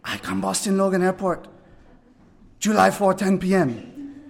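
Guy doing a super excited young dude, squeaky high and loud, broken english. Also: unhurried, vocal fry. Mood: delighted. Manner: high, loud, delighted exclamations.

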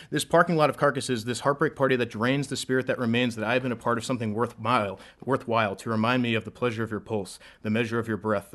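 A man performing spoken word poetry in a rhythmic, dramatic delivery that swells loud and drops low.

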